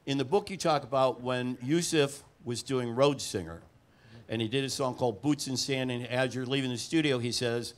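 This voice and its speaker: Man, onstage interviewer and co-writer, halting delivery, full of ums and restarts. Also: mid-range voice. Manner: hesitant, many fillers and restarts.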